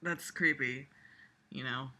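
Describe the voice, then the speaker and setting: A woman's voice: extremely low pitch, takes it slowly, bright, forceful tone. A woman mocking a story she reads aloud, sarcastic and exasperated, swearing and laughing as she comments. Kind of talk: comedic dramatic reading with commentary.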